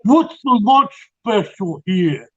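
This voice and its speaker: Brief: man doing a pushy, shouting New York guy with no manners, thick New York accent, voice pitched up, slightly muffled lo-fi audio. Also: very animated, slow, full character voice. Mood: brash. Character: loud abrasive New York man ordering at a restaurant, no filter.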